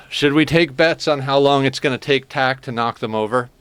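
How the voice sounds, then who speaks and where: A man's voice: mid-range voice, moderate pace, clear, resonant tone. A man streaming a game, chatting casually with his viewers in a heartfelt, emotional way. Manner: heartfelt, soft-spoken, emotional.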